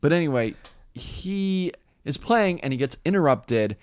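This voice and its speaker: A man co-hosting a casual chat, telling stories in an animated, ranting way. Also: fairly high pitch, unhurried, clean tone, no room sound.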